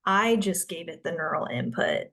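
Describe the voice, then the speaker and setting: A woman's voice: lowish voice, expressive, moderate pace, a bit bright. A woman guest in a casual chat who rambles, packing her talk with filler words and restarts.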